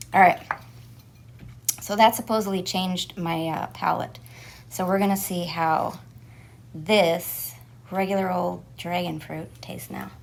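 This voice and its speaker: A woman's voice: fairly low pitch, gravelly. A woman hosting a casual home gardening vlog, talking chattily and sometimes chewing as she speaks. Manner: chatty, chews while talking at times. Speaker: gardening vlogger.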